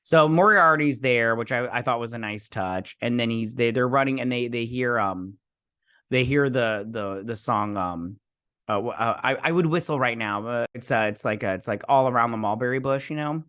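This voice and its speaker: A man's voice: mid-range voice, normal speed, a bit bright, smooth, no echo. Guy rambling through an episode recap, um and uh everywhere, dry close sound. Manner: rambling, hesitant, lots of fillers and restarts; self-deprecating. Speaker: show host reviewing a TV episode.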